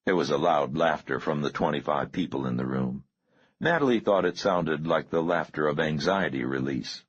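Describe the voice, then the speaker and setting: A man narrating an audiobook in a measured, grave way. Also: extremely low pitch, slightly rough. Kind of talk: scripted narration. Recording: dull lo-fi recording.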